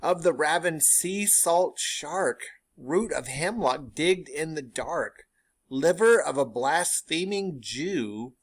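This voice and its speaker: A man reading Shakespeare's witches aloud in a slow, drawn-out dramatic chant. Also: a little high, lively intonation, voice pushed up, full character voice. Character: three chanting witches in a cavern.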